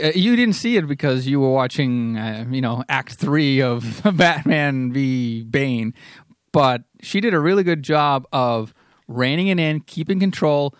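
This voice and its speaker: A man's voice: mid-range voice, no echo, studio quality. A man co-hosting a podcast in casual chat, wry and joking.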